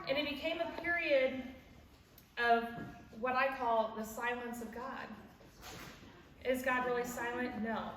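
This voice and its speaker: Speaking at a measured pace with frequent pauses, a woman in her forties uses a steady, slightly high voice to tell a warm, devotional personal story at a church event. She laughs as she goes and imitates those she quotes, captured from afar in an echoey hall with background noise.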